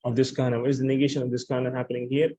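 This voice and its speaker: A man's voice: mid-range voice, flat delivery, very fast, dark tone, breathy edge, dull audio. A man teaching Arabic grammar in a lecture, explaining patiently and restating each point with examples.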